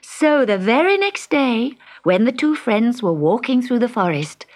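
Slow, expressive woman storyteller. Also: a little high. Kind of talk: storybook narration. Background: music.

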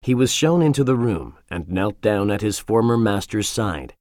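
Low-voiced man narrating a storybook. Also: no echo, clean studio sound. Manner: calm, measured storytelling. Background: faint music.

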